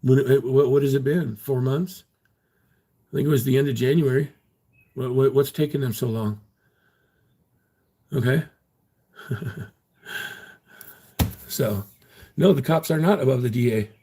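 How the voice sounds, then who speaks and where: Gravelly, husky man streaming live. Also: medium pitch, measured pace, pauses often, warm tone. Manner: defensive, blunt, swears freely. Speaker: livestream host. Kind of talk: casual livestream chat reading comments.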